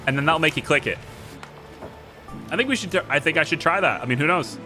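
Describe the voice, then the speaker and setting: A man's voice: on the high side, expressive, brisk. A man streaming a game, chatting and joking as he thinks aloud through his moves. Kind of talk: casual let's-play commentary. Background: game music.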